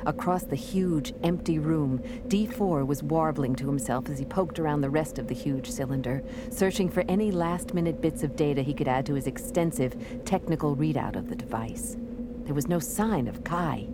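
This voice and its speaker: A woman narrating an adventure audiobook in a steady, measured reading. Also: low-pitched. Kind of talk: scripted narration. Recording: noisy recording.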